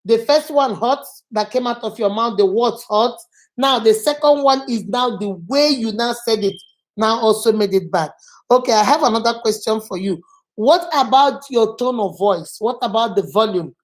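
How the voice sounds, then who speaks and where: Woman host, somewhat high voice, probing questions, casual chat. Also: normal speed. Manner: probing, repeats and sums up answers.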